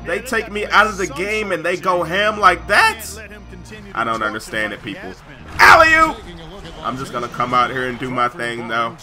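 A man giving excited gameplay commentary over a basketball video game and yelling on big plays. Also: mid-range voice, normal speed, soft background music. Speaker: gaming YouTuber.

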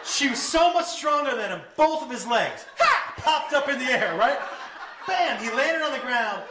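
High-voiced man doing animated stand-up. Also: normal speed, background noise. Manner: animated, profane, breaks into loud laughing bursts. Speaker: stand-up comedian. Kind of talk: stand-up storytelling. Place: comedy stage before a live audience. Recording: echoey room, distant mic, audience laughter.

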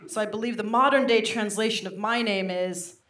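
A young woman doing stand-up with an American accent picked up over a mixed British upbringing, brash and self-mocking with quick asides to the crowd. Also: mid-range voice, steady tone, fairly bright tone. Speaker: stand-up comedian. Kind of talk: stand-up comedy set. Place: comedy stage before a live audience. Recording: roomy live venue, faint noise.

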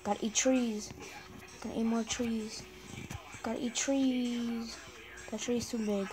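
Slow-talking gamer girl over game music. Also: on the high side, steady tone, poor audio. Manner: chatty running commentary, often apologizing to viewers. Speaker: gaming channel host. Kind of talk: casual gameplay commentary.

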